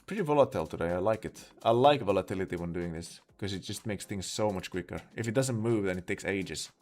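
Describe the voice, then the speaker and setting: A man's voice: deep voice, fast talker, a little mellow, soft background music. A man from Sweden with a Swedish accent, chatting casually on a live stream, rambling with lots of fillers as he thinks aloud. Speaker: livestreamer.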